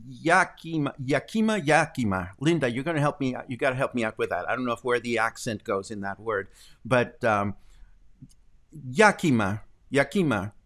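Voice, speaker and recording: A middle-aged man hosts a casual live stream from his home. He talks at an easy middle pitch and chats with viewers in a loose, rambling way. He stops often for ums and corrects himself as he goes. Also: fairly bright tone. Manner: chatty, rambling, with frequent ums and self-corrections. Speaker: host.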